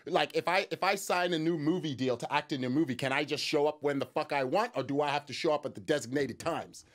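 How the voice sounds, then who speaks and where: A man's voice: a little high, quick pace. A man giving casual reaction commentary on a news clip, sarcastic and mocking, rambling with many restarts and repeated words.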